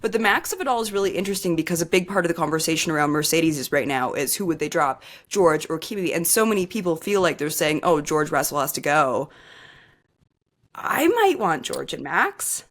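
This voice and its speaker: A woman's voice: low-pitched, very animated, brisk, a bit bright. A woman co-hosting a sports podcast in casual chat, talking loosely with lots of filler words and easy laughter. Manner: chatty, many "like" fillers, laughs easily. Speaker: podcast co-host.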